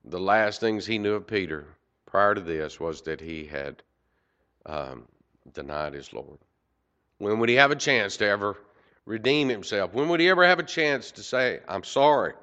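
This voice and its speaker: A man preaching a sermon, swinging from loud emphasis to quiet asides. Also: on the low side, expressive, moderate pace. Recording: dull lo-fi recording.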